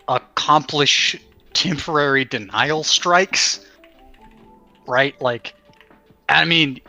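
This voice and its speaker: A man's voice: on the high side, pushed and bright. A man hosting a casual panel chat online, rambling with many fillers and restarts. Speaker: podcast host.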